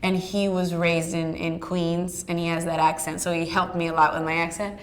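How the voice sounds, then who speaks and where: An actress chatting about her work in an interview, telling stories in a lively way with plenty of fillers and laughs. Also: on the low side, normal speed, slight background noise. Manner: chatty, animated storyteller with many fillers and laughs. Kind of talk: casual storytelling interview.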